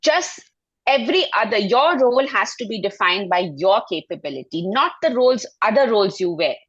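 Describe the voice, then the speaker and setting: Husky-voiced woman telling a story. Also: medium pitch, very animated, a little fast, fairly bright tone, no echo, lo-fi sound. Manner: emphatic, heartfelt, frequent restarts. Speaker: panel speaker. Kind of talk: personal storytelling on a panel. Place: festival stage.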